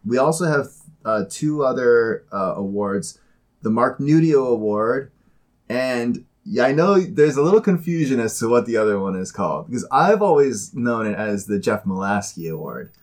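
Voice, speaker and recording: A man hosting a casual sports-league podcast, easygoing and quick to laugh. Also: mid-range voice, lively intonation. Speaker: podcast host. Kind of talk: casual chat.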